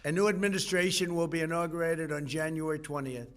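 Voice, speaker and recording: A man delivering a measured, formal recorded address as an outgoing president. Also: fairly high pitch, fairly even intonation, fairly bright tone.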